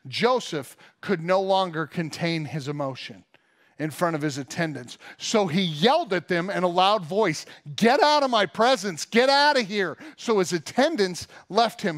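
A man in his forties, a pastor giving a sermon in a casual, storytelling way, with fillers and asides. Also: high voice. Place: church.

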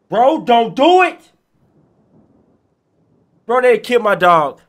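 A man reacting to a horror game, panicky and pleading, often shouting in fright. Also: very high-pitched, sing-song, takes it slowly. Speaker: gaming YouTuber. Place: indoors playing VR.

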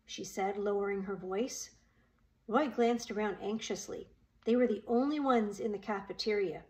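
A woman's voice: a little high, moderate pace, a little mellow, low-quality recording. A woman reading a children's novel aloud, giving each character a voice of their own. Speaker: audiobook reader. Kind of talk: storybook narration with character voices.

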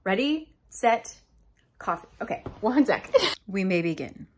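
A woman's voice: mid-range voice, expressive, moderate pace, breathy edge. A young woman chatting casually as she recaps a novel, swearing and laughing often. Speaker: book youtuber.

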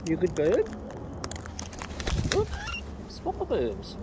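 A man who vlogs about feeding birds talks to wild birds as he films outside, with loud noise in the background. His fairly high voice swings hugely in pitch at a slow pace, coaxing them in a playful sing-song.

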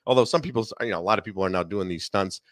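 A middle-aged man from Chicago with a faint Chicago accent, a film critic chatting as a podcast guest in an animated, aside-filled way. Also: low-pitched, rapid-fire, dry recording, studio quality. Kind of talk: casual podcast conversation.

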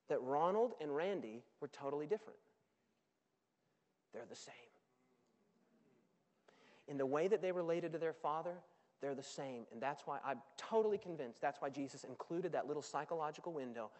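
A man preaching a sermon in a large auditorium, with animated, dramatic storytelling. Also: on the high side, normal speed, pauses often. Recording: long reverb of a large hall.

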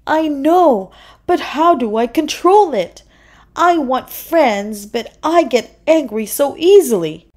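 A woman's voice: high voice, expressive, slow, a little mellow, pitched above the performer's own voice. A woman doing a grumpy, hot-tempered little pufferfish boy. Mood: sulky. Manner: grumbling, sulky, raised voice.

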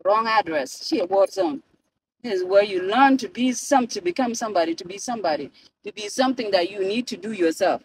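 A woman's voice: medium pitch, brisk, rough recording. A South Sudanese woman in a car, ranting and swearing into her phone camera, switching between languages. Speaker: vlogger. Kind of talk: profane ranting vlog.

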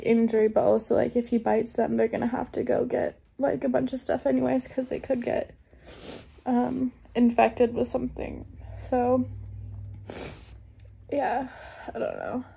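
A young woman talks to her camera in a loose, rambling way, full of "like" and "um". She sounds shaken and upset. Her voice sits high but barely moves, with a husky, mellow tone. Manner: rambling, many fillers like "like" and "um". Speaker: vlogger. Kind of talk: casual vlog talk.

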